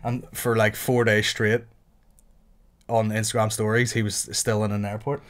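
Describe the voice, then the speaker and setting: A man's voice: on the low side, flat delivery, normal speed. A man hosting a podcast, telling crude, rambling anecdotes in casual chat. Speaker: podcast host.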